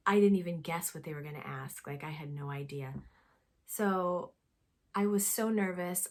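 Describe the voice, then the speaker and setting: Knitting vlogger, woman, breathy and husky, animated storyteller who slips into whispers. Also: mid-range voice. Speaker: knitting podcast host. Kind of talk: casual chat to camera.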